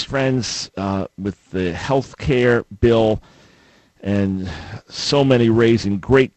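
A man's voice: on the low side, a little mellow, no room sound, rough recording. A middle-aged man hosting a call-in radio show, arguing emphatically, quoting scripture and repeating phrases for stress. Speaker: radio host. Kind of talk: call-in talk radio debate. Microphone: studio microphone.

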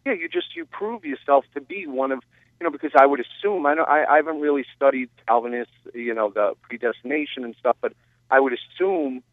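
Male caller, mid-pitched, hesitant, self-correcting, tinny phone-line sound. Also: fairly quick, dry recording. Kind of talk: radio call-in talk.

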